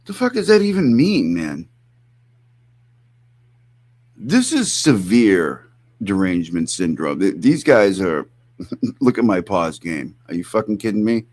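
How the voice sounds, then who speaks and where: A man's voice: fairly low pitch, very animated, measured pace, pauses often, a little mellow. A man streaming live, reacting to clips with mocking, profane, incredulous commentary.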